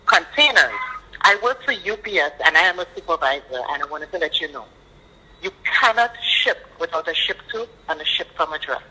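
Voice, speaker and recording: Trinidadian woman caller, very bright tone, firm and indignant, phone line. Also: lowish voice. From Trinidad and Tobago. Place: at work.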